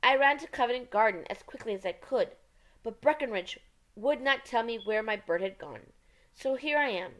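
Frightened male thief played by a woman, anxious, pleading, high strained voice. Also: animated, normal speed, fairly bright tone. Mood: anguished.

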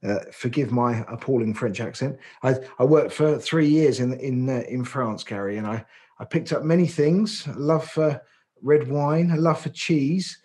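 A man's voice: mid-range voice, moderate pace, dark tone. An English man co-hosting a podcast, explaining licence training at length in casual chat, with frequent fillers and self-corrections. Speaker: podcast co-host.

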